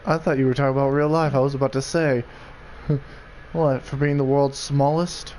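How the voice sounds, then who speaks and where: A young man chatting casually with friends, reacting with slow, rambling, hesitant remarks. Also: medium pitch, flat delivery, a little mellow, slight background noise, low-quality recording. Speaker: gamer in a friends' voice chat. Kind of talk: casual chat.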